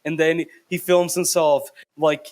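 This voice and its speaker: A man's voice: on the high side, little pitch movement, unhurried, a little mellow. A young man hosting a casual podcast over a voice call, rambling through crude, giggly stories with lots of restarts. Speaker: podcast host. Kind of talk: casual chat.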